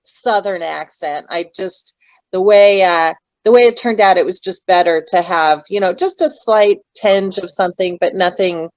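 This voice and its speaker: Speaking at normal speed with a fairly low voice, a woman interviewed as an actress rambles in a chatty way, wandering off and losing her thread. The casual chat is recorded roughly, with no room sound.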